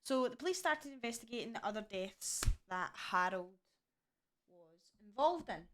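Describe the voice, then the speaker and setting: A woman's voice: a little high, animated, normal speed, a bit bright. A young woman casually chatting through a true crime case, indignant and swearing freely. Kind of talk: casual chat.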